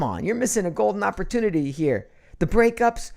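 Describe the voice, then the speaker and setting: A man's voice: sits high, a little fast, creaky. A middle-aged man hosting a casual live online show from a home studio, joking and slipping into mock outrage. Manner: animated, jokey, swings into mock outrage. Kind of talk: casual livestream chat.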